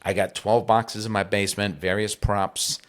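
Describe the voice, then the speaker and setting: A man's voice: lowish voice, level tone, moderate pace, fairly bright tone. A middle-aged man chatting in a casual interview conversation, with playful asides. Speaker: podcast conversation partner.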